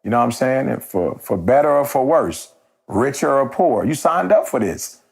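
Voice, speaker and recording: A man's voice: mid-range voice, very animated, moderate pace, gravelly, a little mellow, slightly rough. A man hosting a podcast, telling a story in a casual, slangy way before turning it into a motivational message. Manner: conversational and slangy, with repeated phrases and restarts. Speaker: motivational speaker and podcast host.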